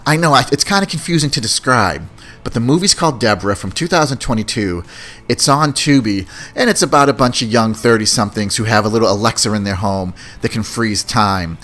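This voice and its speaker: A man's voice: fairly low pitch, brisk, fairly bright tone. A man hosting a podcast, chatting casually about movies in a rambling way and often repeating words. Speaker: podcast host. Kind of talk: casual movie review chat.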